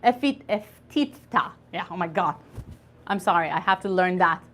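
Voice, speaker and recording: A woman's voice: on the low side, animated, moderate pace, a bit bright. A woman teaching an online English conversation class, patiently spelling out words and drilling pronunciation.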